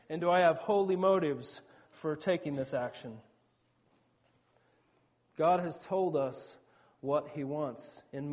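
A man with a high-pitched voice delivers a sermon. He teaches in an earnest, conversational way and adds asides to the congregation. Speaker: preacher.

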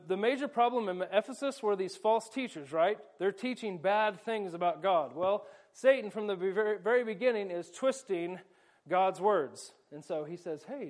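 A man's voice: high voice, normal speed. A man preaching a sermon, explaining with energy and playful asides while volunteers act out a scene. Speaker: pastor.

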